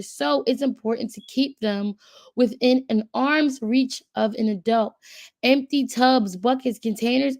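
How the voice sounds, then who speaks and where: A woman's voice: fairly high pitch, gravelly, darkish tone, dry recording. A woman hosting a casual video, thinking aloud as she browses and reads web pages aloud to her viewers, with frequent fillers. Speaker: channel host. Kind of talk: casual commentary while browsing and reading aloud.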